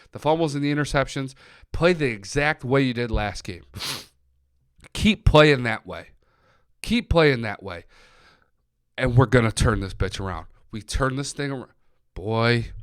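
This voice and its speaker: A young man hosts a solo sports talk stream, excitable and swearing freely as he runs through stats. His voice is smooth and clear at a middle pitch. The sound is dry and close. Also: no echo. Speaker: sports podcast host.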